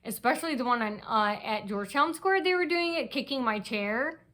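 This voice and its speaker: A woman's voice: on the high side, expressive, fairly quick, sharp tone. A woman vlogger telling a long, aggrieved story in a restless, rambling way, often restarting her sentences. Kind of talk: rambling personal monologue.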